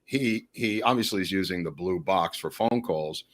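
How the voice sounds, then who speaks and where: A man chatting as a podcast guest, telling animated, rambling stories to the host. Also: low voice, moderate pace, a little hiss or hum. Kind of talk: casual storytelling.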